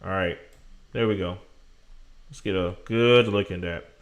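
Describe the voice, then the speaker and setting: A man's voice: deep voice, fairly even intonation, unhurried. A man hosting a live stream, talking casually and rambling animatedly to his viewers.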